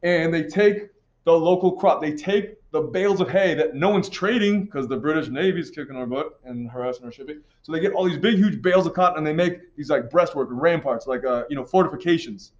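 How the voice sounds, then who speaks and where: American guy teaching history off slides, casual and slangy, kinda high voice, muffled audio. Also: a little fast. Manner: casual, slangy, animated storytelling. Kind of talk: recorded classroom lecture over slides. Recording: dull lo-fi recording.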